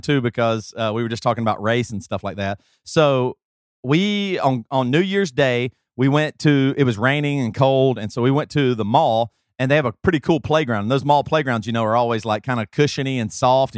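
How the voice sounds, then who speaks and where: A man's voice: mid-range voice, fairly quick, no echo, clean studio sound. Chatty man telling a long story. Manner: rambling, talkative storyteller with many fillers. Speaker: podcast co-host. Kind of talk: casual chat and host-read ad.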